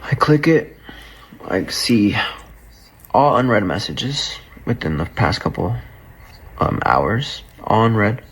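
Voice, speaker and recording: A man's voice: fairly low pitch, takes it slowly, pauses often, husky, rough recording. A man telling a personal story in a casual, profane way, acting out what was said to him. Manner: profane, animated, acts out quoted dialogue. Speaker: storyteller recounting a breakup.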